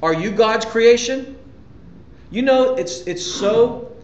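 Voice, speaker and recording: A man's voice: high voice, lively intonation, normal speed, reverberant. A man preaching a sermon as a pastor, talking conversationally with emphatic repetitions and rhetorical questions to his listeners.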